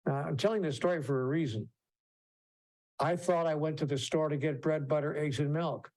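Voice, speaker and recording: A man's voice: fairly high pitch, steady tone, moderate pace, darkish tone. A man telling a personal story as a conference speaker, often restarting sentences and acting out the voices of other people. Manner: anecdotal, with frequent restarts and acted-out voices. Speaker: keynote speaker and author.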